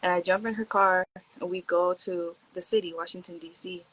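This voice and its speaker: A woman's voice: on the low side, steady tone, brisk, fairly bright tone, husky, poor audio. Laid-back young woman telling stories. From Hawaii. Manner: laid-back, slangy, many "like" fillers, acts out quotes. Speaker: podcast guest. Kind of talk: casual storytelling chat.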